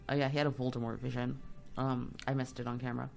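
The voice is medium-pitched, creaky and level, delivered rapid-fire with few pauses. Over gameplay, this slightly ill young adult gamer rambles on in self-deprecating commentary, scattering fillers and abrupt asides.

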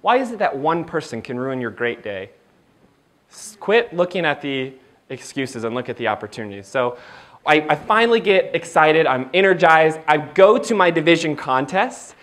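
A man speaking in a slightly high voice, giving a motivational keynote before a live audience. He is animated and jokey and slips into other people's voices as he tells the story. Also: normal speed. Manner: animated and jokey, acts out quoted dialogue.

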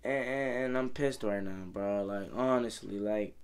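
A young sports vlogger rambles about football in exasperated fan commentary, constantly dropping "bro" and "man." His voice is fairly low-pitched and smooth, and he talks a little slowly.

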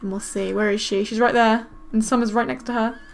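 Excitable high-voiced woman gaming. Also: a little fast, gravelly. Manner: excitable, gushing, squeals with delight. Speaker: gaming video host. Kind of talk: casual gameplay commentary.

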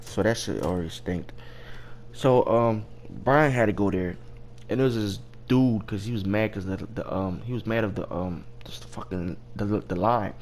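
A man's voice: on the low side, normal speed, a little mellow, a little hiss or hum. A young man casually telling a work story, rambling and profane, with loose restarts. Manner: rambling, profane, laughing at his own story.

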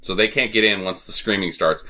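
A man's voice: fairly low pitch, brisk, pushed and bright. A man co-hosting a movie podcast, recapping the plot in a rambling, profane way and laughing often. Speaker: podcast co-host. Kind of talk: casual movie-review banter.

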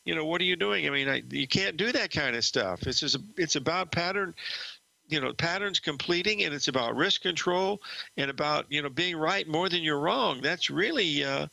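A man's voice: fairly high pitch, animated, moderate pace, gravelly, pushed and bright, no echo, rough recording. An older man hosting a trading show, telling a rambling story from his trading days with many fillers and restarts. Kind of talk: storytelling market commentary.

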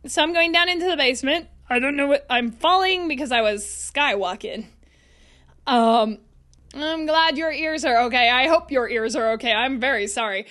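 Woman streamer, squeaky and excitable, high bright voice, live game commentary. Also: normal speed. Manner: excitable, chatty, talks to chat.

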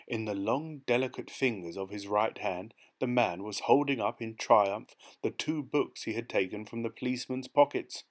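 A man reading a short story aloud as an audiobook narrator, in a measured storytelling manner. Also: on the low side. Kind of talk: scripted narration.

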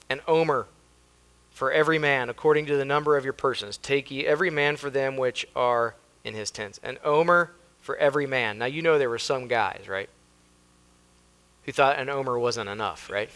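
A man's voice: mid-range voice, moderate pace, fairly bright tone. An American man, a pastor preaching a sermon with emphasis, reading scripture aloud and acting out the people in the story. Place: church sanctuary.

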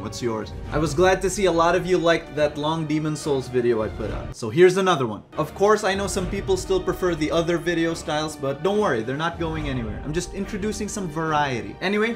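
A young man giving gameplay commentary who often yells, screams and swears at the game. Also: on the high side. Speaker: gaming video host. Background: loud music.

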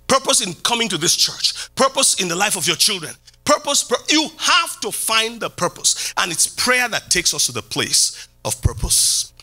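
Lively, bright-voiced preaching pastor man. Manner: preaching with sweeping pitch jumps and repeated phrases. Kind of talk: sermon. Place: church hall.

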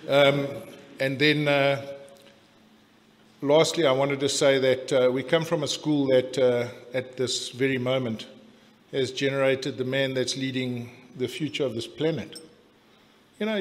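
South african guy doing a dinner toast, cheeky and blunt, medium voice, big reverby hall. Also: medium pitch. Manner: jokey, blunt, rambling with filler restarts. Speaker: after-dinner speaker giving a toast. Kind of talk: after-dinner toast speech.

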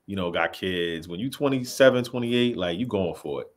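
A man in his thirties co-hosting a casual chat, animated, quoting lines and restarting his sentences. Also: deep voice, moderate pace. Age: 30s. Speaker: podcast co-host. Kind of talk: casual chat about rap.

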